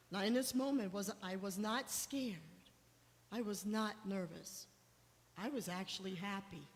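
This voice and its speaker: A woman's voice: medium pitch, measured pace. A middle-aged woman sharing a personal testimony with a church congregation, telling an emotional story with rising intensity when she quotes herself. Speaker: guest speaker sharing testimony. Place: church hall. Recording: long hall reverb.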